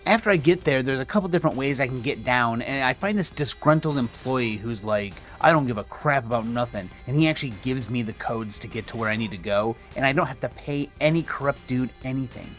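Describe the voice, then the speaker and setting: A man's voice: medium pitch, brisk, hardly any pauses, a bit bright, faint music behind. Laid-back man narrating gameplay. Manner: laid-back and joking, with casual slang. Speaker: gaming channel host. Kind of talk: casual gameplay commentary voice-over.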